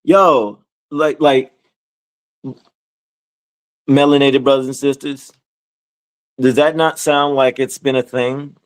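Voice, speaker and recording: A man leading a live scripture study, reading verses and breaking into excited, slangy commentary that repeats words for emphasis. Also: mid-range voice. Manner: reads scripture slowly, then bursts into excited preaching asides. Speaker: Bible study teacher.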